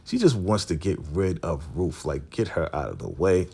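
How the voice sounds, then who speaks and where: Low husky man recapping a show. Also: moderate pace. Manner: animated storytelling, slangy. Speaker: channel host. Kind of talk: casual TV episode recap.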